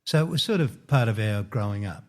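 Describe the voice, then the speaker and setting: A man's voice: on the low side, lively intonation, a little fast. An older Australian man, a radio guest, talking reflectively and a little hesitantly in a casual interview.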